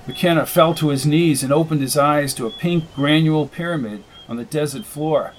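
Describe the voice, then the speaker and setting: A man with a slightly raised pitch reads a science fiction novel aloud in steady, measured narration. A faint hiss sits under his voice throughout. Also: poor audio. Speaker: audiobook narrator. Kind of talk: scripted narration.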